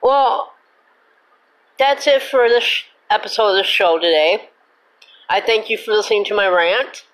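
A woman's voice: medium pitch, a little slow, long pauses, fairly bright tone, poor audio. A woman hosting her own show, ranting with indignation, cussing and then apologizing for it. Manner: repetitive, emphatic complaining. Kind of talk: angry rant.

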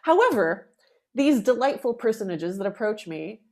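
A middle-aged woman composer in an interview, talking with animated emphasis and acting out the people she quotes. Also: fairly high pitch, moderate pace. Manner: animated, acts out quoted callers. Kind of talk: conversational interview.

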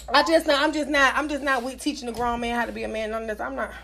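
A young woman in casual chat, telling stories loudly and brashly with plenty of cussing. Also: fairly high pitch, little pitch movement, fast, vocal fry, slight background noise. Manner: loud, brash storytelling, cussing freely.

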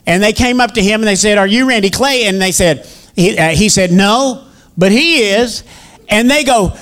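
A man preaches in a high voice. He tells folksy stories with chatty asides to his congregation, then reads scripture aloud in a teaching sermon style. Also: fairly bright tone. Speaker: minister and teacher.

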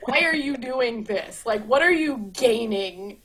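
A woman quoting a blunt, sensible young female friend in deadpan, exasperated retorts. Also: fairly high pitch, unhurried, slightly rough, heavily acted.

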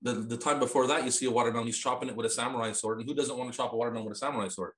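A man's voice: mid-range voice, fairly even intonation, very fast, a crowd in the background. A man co-hosting a podcast, riffing crudely on a movie in casual banter and laughing often. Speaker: podcast co-host. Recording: roomy echo.

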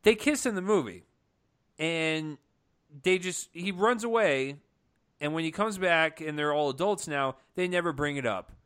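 Animated, higher-voiced man ranting about a film. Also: measured pace, clear, resonant tone. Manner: animated, exasperated storytelling. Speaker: film review podcast co-host. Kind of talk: casual chat.

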